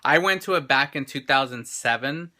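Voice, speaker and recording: A man's voice: mid-range voice, animated, normal speed, pushed and bright. A man in his thirties hosting a casual vlog chat, rambling and enthusiastic with lots of restarts, recorded on a handheld camera in an indoor gallery. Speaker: show host.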